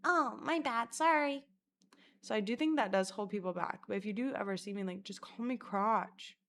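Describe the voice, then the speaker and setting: A young woman vlogging casually to her phone camera at home, telling stories in a profane, animated way. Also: medium pitch, fairly quick. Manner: profane, animated storytelling with acted-out quotes. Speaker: content creator. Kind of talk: casual vlog chat.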